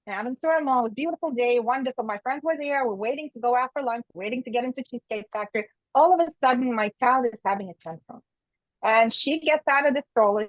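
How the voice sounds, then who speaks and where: A woman's voice: on the high side, no echo, muffled recording. A middle-aged woman, a guest author, giving strong opinions and telling a personal story, acting out what people said. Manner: opinionated storytelling, acts out quoted dialogue. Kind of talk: conversational interview.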